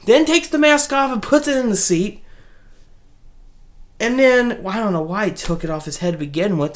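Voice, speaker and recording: A woman giving a casual spoken movie review, rambling and animated, with many restarts. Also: on the high side.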